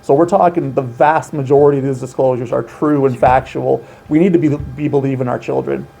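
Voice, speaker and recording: A man's voice: medium pitch, fairly even intonation, a little fast, creaky, mellow. A man working as an outreach coordinator, explaining child safety steps in an earnest, emphatic way during an interview. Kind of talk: informational interview.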